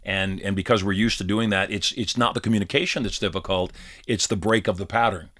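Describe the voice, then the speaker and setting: A middle-aged man with a low voice talks on a podcast. He tells personal stories with a steady delivery and slips into quoted dialogue as he goes. He is recorded on a studio mic. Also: fairly quick. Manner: storytelling, acts out quoted dialogue. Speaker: podcast co-host. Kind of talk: casual podcast conversation.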